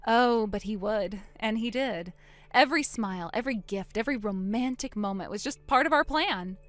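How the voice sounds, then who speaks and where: A woman voicing a wronged older sister in a dramatized text-message story, speaking quietly and deliberately. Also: mid-range voice, close to an everyday voice. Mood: cold.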